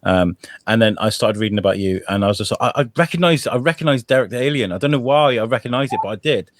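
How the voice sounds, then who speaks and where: A man's voice: medium pitch, animated, fast talker, no room sound. A man hosting a podcast in a chatty, rambling way, laughing often. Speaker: podcast host. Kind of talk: casual chat.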